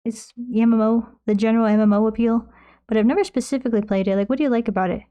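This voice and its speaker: A fairly high-pitched woman's voice with a steady tone races along, with the highs cut off. She's a young streamer painting on camera, reading chat aloud into a close desk mic and rambling through self-deprecating replies.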